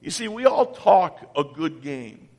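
A high-voiced pastor preaches slowly and deliberately, very animated, his sermon swinging between ringing calls and hushed near-whispers. A long reverb from a large church hall carries his words.

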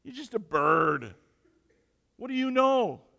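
A man voicing a jumpy burglar who reacts with high-pitched disbelief while telling a joke in a sermon. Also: sing-song, unhurried, fairly bright tone, full character voice. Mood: incredulous. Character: jumpy, startled male burglar. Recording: echoey hall.

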